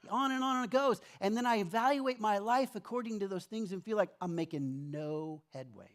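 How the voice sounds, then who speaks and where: A man's voice: sits high, normal speed, hardly any pauses. A middle-aged man preaching a sermon in a church, telling stories conversationally and acting out his own complaints. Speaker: pastor.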